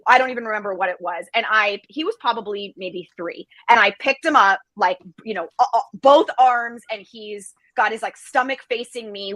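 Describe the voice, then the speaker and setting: A woman guest on a parenting podcast, telling a story in an animated, self-deprecating way and laughing as she goes. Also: mid-range voice, no echo, poor audio. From Israeli family. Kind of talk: casual storytelling.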